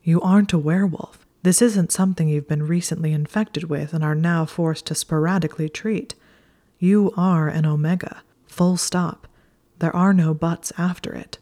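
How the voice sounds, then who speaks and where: A woman voicing a possessive young male wizard lover in a breathy, whispered role-play. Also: deep voice, fairly even intonation, moderate pace, dark tone, natural voice. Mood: insistent.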